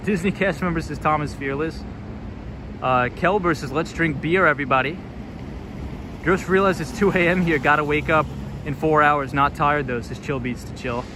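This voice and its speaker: A young man with a fairly high voice chats through a casual street livestream, reading out viewer comments and answering them in an easy, upbeat way. Loud traffic and city noise run steadily under his voice throughout. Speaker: livestream vlogger. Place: outdoors on city streets at night. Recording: street noise behind a loud outdoor stream. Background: loud traffic and city ambience.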